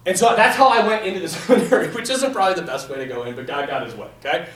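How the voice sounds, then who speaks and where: A man telling a lively, self-mocking story to a crowd, acting out the voices of the people in it. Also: high voice, very fast. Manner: animated, self-mocking, acts out quoted voices. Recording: echoey room from a distance.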